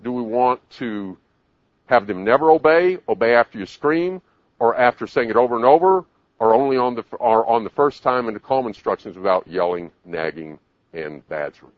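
A man giving a live parenting talk, animated, acting out parents and children in raised voices. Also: medium pitch, moderate pace, no echo, lo-fi sound. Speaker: parenting speaker.

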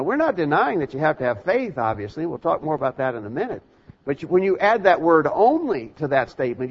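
A man preaching a sermon in an earnest, plain-spoken way, often pausing with ums and repeating words. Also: a little high, husky. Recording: dull lo-fi sound.

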